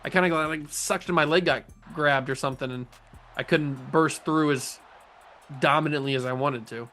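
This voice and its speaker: A young man narrates his own gameplay with playful swagger, his voice a touch high for a man. He jokes loosely, then rises into bursts of sportscaster-style calls. Faint game music plays behind him. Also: moderate pace. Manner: playful, cocky, bursts into excited play-by-play calls. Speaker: gaming YouTuber, host. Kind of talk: casual gameplay commentary.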